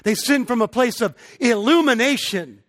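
A middle-aged male pastor delivers a sermon in a notably high voice. He speaks with emphasis and pushes hard on his key points. He sounds like a preacher leading a congregation through his message. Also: animated, normal speed. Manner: emphatic, rising to forceful peaks.

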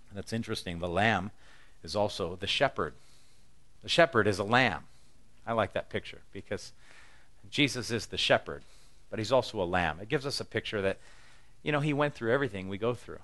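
Deep-voiced pastor preaching. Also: male voice, brisk, a bit bright. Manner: conversational, humorous, emphatic. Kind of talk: sermon.

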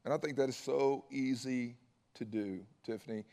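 A man preaching a conversational, energetic sermon with folksy asides. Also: mid-range voice, normal speed, clean tone, big-room sound. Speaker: pastor.

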